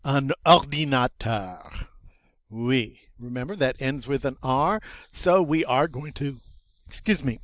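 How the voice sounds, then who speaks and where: An older man, teaching French vocabulary in a slow, patient, folksy way, drawing out each word. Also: medium pitch, dry recording. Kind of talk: recorded vocabulary lesson.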